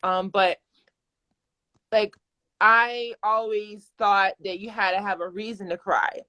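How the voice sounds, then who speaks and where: Woman host in her thirties on a live video call: bright, forward tone, gushing and candid, stop-start casual chat. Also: mid-range voice, fairly even intonation, takes it slowly. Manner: candid, effusive, restarts sentences often. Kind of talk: casual live-stream conversation. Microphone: phone or webcam on a live video call.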